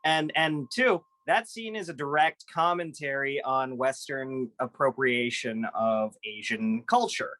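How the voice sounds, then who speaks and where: A man co-hosting a casual film podcast, earnest and measured, with a few stammers. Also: mid-range voice, bright, forceful tone, no echo. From United States. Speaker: podcast co-host.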